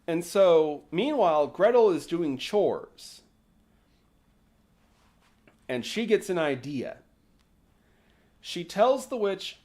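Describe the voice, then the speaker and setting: A man's voice: sits high, big pitch swings, takes it slowly, long pauses, a little mellow. A man hosting a livestream, retelling a folk tale casually with sarcastic, mocking asides and casual swearing. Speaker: host.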